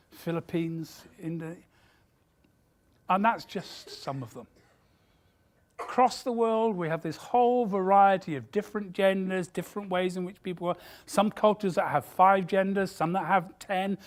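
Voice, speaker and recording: Woman, deep voice, emphatic and candid keynote speaker. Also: darkish tone. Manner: emphatic and candid, with quick asides. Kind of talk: corporate keynote talk.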